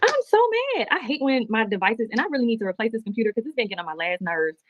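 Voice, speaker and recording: A woman's voice: fairly high pitch, very fast, slight background noise. A woman, talking to her viewers in an emotional, heartfelt, rambling livestream. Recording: muffled, dry replayed stream audio.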